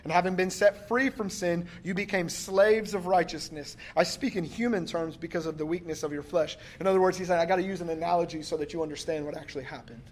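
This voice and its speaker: A man preaching a sermon, reading scripture slowly and commenting emphatically, often laughing. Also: high voice, a little hiss or hum.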